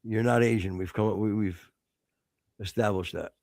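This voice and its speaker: A man's voice: lowish voice, fairly even intonation, moderate pace, darkish tone, no room sound, clean studio sound. A man in his fifties co-hosting a podcast, teasing his partner with crude, profane, mock-insulting banter. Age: 50s. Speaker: podcast co-host. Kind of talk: casual chat.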